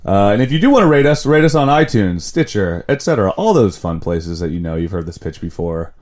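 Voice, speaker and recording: A man's voice: on the low side, very animated, fairly quick, a little mellow. A man hosting a casual podcast, talking in a rambling way and often breaking off to restart his sentences. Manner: rambling, self-interrupting. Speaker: podcast host.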